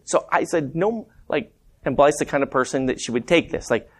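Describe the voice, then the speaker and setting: A man's voice: fairly high pitch, animated, brisk. Man preaching a chatty sermon. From Montana. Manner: conversational, anecdotal, addresses congregation as guys. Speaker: preacher and math teacher.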